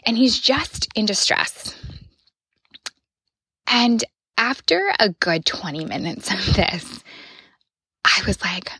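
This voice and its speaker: Woman in her thirties, podcast host, slow earnest delivery, drifts into whispers, dry close mic. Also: mid-range voice, very animated, husky, no room sound. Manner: soft, earnest, often drops to a whisper. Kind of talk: personal reflective monologue.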